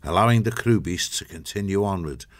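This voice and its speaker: A man reading an audiobook in steady, measured scripted narration. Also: deep voice.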